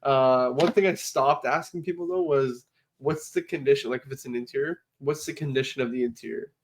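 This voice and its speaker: Man, podcast co-host, casual chat, easygoing, agreeable, mid-pitched voice. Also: fairly quick. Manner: easygoing, agreeable, laughs while retelling customer reactions.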